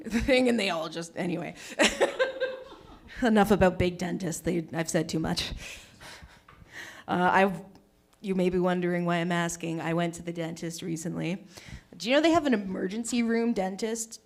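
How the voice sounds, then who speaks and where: A woman's voice: on the low side, creaky. A woman doing a stand-up comedy set on a small stage, bubbly and chatty as she talks with the audience. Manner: bubbly, chatty, works the crowd. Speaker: stand-up comic.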